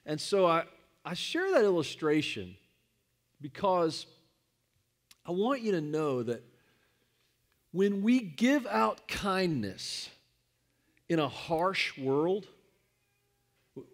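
A male pastor giving a sermon in a conversational, storytelling manner, weaving a personal anecdote into his teaching. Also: on the high side.

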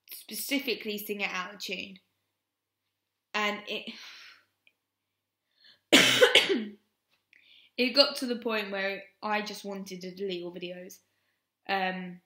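A woman's voice: mid-range voice, sharp tone. A young woman, frankly telling a personal story on her vlog and rambling with many "um"s. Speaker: vlogger. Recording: roomy echo.

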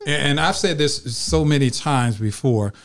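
Male host, somewhat high-pitched, preacherly and questioning. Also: normal speed. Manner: preacherly, asks questions to the audience. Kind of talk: faith-based talk show conversation.

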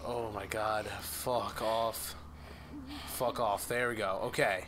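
A young gaming YouTuber narrates a video game in casual let's-play commentary, rambling, swearing and yelping when startled. His voice is fairly low with a steady tone, a measured pace and slight brightness, over slight background noise.

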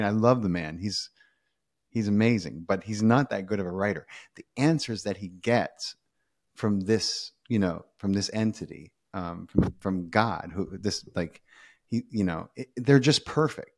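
A man talking as a podcast guest, telling stories in a lively, casual way that is full of restarts and the odd swear word. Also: on the low side. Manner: animated storyteller, frequent restarts, casual swearing. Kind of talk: casual conversation.

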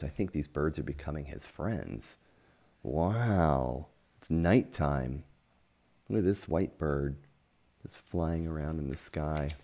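A man reading a children's picture book aloud at home, gentle and unhurried, pausing to point out the pictures. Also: sits low. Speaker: storytime reader. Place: at home with a dog.

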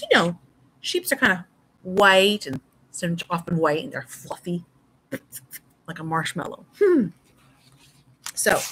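A woman telling a Bible story to toddlers in an exaggerated, sing-song way, dropping to soft whispers for prayers. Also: lowish voice, a little hiss or hum, rough recording. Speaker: toddler Sunday school teacher.

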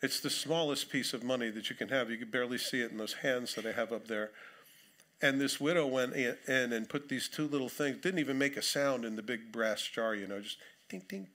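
A man's voice: medium pitch, brisk, fairly bright tone. A man preaching a sermon in a church, reading scripture aloud and breaking off into conversational, dryly humorous asides. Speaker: pastor. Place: church sanctuary.

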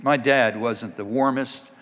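A man preaching a sermon as the church's pastor, now and then breaking into loud dramatic cries when he acts out a scripture scene. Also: mid-range voice, steady tone, a little slow. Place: church sanctuary. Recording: long reverb of a church hall.

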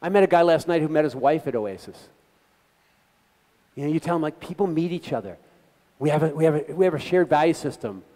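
A man's voice: fairly high pitch, expressive, a little fast, long pauses, dark tone. A man giving an earnest, conversational talk to a community gathering, speaking directly to the audience as a guest speaker. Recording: long reverb of a hall.

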